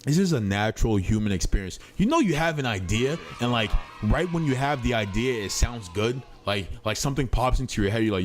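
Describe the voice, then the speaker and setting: Over soft background music, a man with a mid-range, lively voice talks briskly as a streamer reacting to a clip. His live-stream commentary is casual, slangy and blunt, and he keeps apologizing as he goes.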